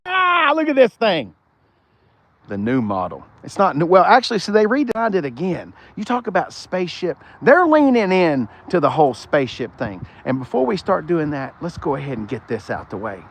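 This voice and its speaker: A man's voice: fairly high pitch, wildly swooping pitch, normal speed, fairly bright tone. A man, hosting a rambling live-streamed car walkaround, chatting with viewers as he goes. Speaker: car show host. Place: outdoors on a car lot. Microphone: phone front camera.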